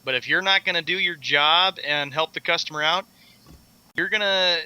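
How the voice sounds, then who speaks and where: A man's voice: fairly high pitch, moderate pace, pushed and bright, clean tone, poor audio. A man co-hosting a sports radio show, chuckling along as an agreeable sidekick in casual chat. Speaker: radio co-host.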